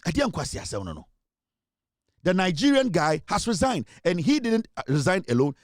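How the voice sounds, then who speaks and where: A man's voice: sits high, wildly swooping pitch, moderate pace, no room sound, clean studio sound. A Ghanaian man hosting a sports talk show, ranting angrily and mixing in Twi. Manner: angry, indignant, switching between English and Twi. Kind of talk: ranting commentary.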